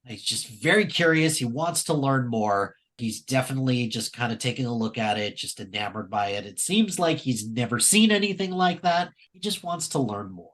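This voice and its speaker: A man co-hosting a podcast, recapping an episode in casual, animated chat with frequent fillers and laughs. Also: mid-range voice, normal speed, few pauses. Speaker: podcast co-host.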